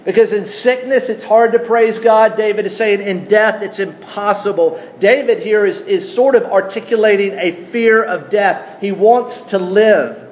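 A man preaching a sermon, teaching at an unhurried pace and putting questions to his congregation. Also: high voice. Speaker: pastor.

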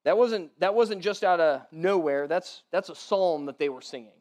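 High-voiced man preaching conversationally. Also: normal speed, darkish tone. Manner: informal, repeats words, checks in with "right?". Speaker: pastor. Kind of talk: conversational sermon.

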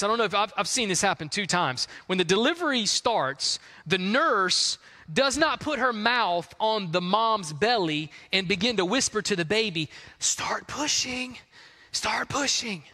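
A man preaching a conversational sermon to a congregation, acting out the people in his story. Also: high-pitched. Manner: conversational, acts out quotes, rising excitement. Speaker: pastor. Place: large hall with congregation. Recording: long hall reverb.

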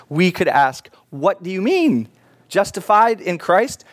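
A man's voice: high voice, very animated, slow pace. A middle-aged man preaches to his congregation in a slightly raised register. He is earnest and pleading, then drops into casual, conversational asides. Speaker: pastor. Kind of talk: sermon. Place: church.

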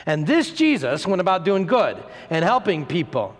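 A man preaching a sermon, retelling a story in an animated way, acting out the voices, sometimes stumbling and repeating words. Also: high voice, moderate pace. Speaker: pastor. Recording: long hall reverb.

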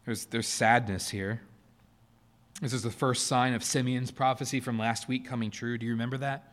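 Guy preaching a sermon in church, middle pitch, earnest, gets loud and emphatic then goes soft. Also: fairly even intonation, moderate pace. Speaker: pastor. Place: church sanctuary.

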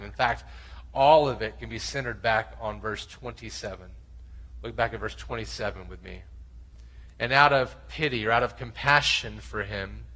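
A man preaches a sermon with real conviction, reading scripture aloud and throwing himself into its voices. His tone is bright and forceful, and his pitch sits in a middle range. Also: poor audio. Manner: impassioned, acts out voices in scripture. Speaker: pastor.

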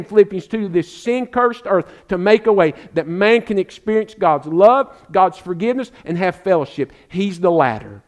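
A male pastor delivers a sermon in a fairly high voice. He preaches fervently, repeating words for emphasis and calling listeners friend, and eases into a relaxed, filler-filled storytelling mode.

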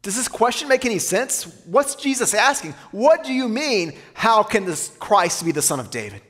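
High-voiced pastor preaching in a reverberant hall. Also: male voice, expressive, bright, forceful tone. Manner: rhetorical questions, slows to read scripture aloud. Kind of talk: sermon.

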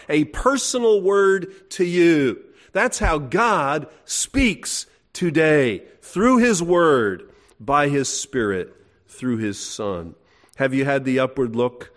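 A man's voice: a little high, fairly bright tone. A middle-aged man preaching a sermon in a folksy, emphatic way, asking his listeners questions. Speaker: pastor.

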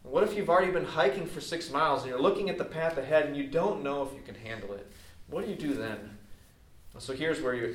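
A pastor preaching a sermon in a conversational, explaining way, with casual asides to the congregation. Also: male voice, mid-range voice, a little hiss or hum. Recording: echoey hall, distant mic.

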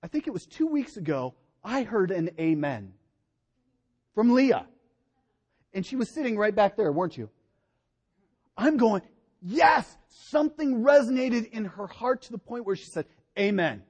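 A middle-aged male pastor preaching a sermon in an animated way, his voice rising and dropping for emphasis. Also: sits high, moderate pace, breathy edge.

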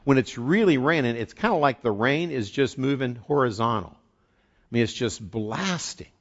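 A man from the eastern United States preaching a sermon as pastor, telling the story in a conversational, animated way. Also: mid-range voice, normal speed. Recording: dull lo-fi recording.

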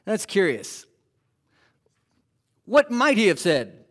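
Pastor, man, unhurried sermon delivery, fairly high voice, animated with rhetorical questions.

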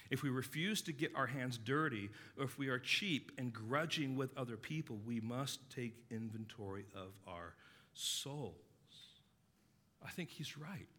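A man preaching a sermon as pastor, earnestly stressing key words and dropping his voice low to tell stories. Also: pushed and bright, in a large hall. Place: church sanctuary.

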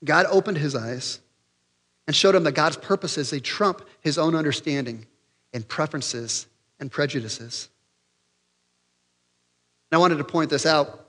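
A man with a high, bright voice preaches an animated sermon. He gets excited enough to lose his place in his notes and acts out quoted characters. His voice rings out in a long church reverb. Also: unhurried, long pauses. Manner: animated, acts out quoted voices, raises pitch and volume for emphasis. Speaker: pastor.

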